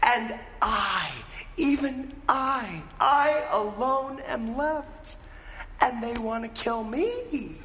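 A man's voice: sits high, big pitch swings, moderate pace, a bit bright, big-room sound, a little hiss or hum. A preacher acting out a distraught male prophet who blubbers and complains in self-pity. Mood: tearful.

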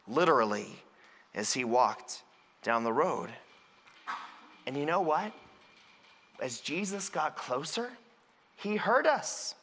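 A man's voice: high-pitched, bright, forceful tone, heavily acted. A man playing a Samaritan leper in a first-person sermon monologue, telling his story earnestly and with emphasis. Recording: long reverb in a large hall.

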